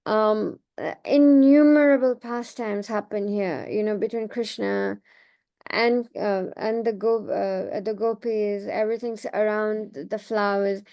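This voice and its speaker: A woman giving a devotional class, telling temple stories in a gentle, meandering way with frequent restarts. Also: mid-range voice, fairly even intonation, unhurried, vocal fry. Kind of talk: informal devotional talk with slides.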